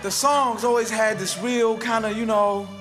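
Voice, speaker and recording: Male rapper doing spoken word, slightly high voice, wry and rhythmic, guitar playing clearly behind him. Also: steady tone. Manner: rhythmic, wry, with dramatic pauses. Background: guitar music.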